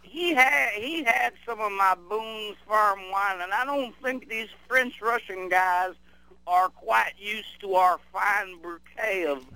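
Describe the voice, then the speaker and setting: A man's voice: sits high, takes it slowly, gravelly, bright, forceful tone, no echo, poor audio. A man calling in to a radio show, chatty and folksy. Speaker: caller.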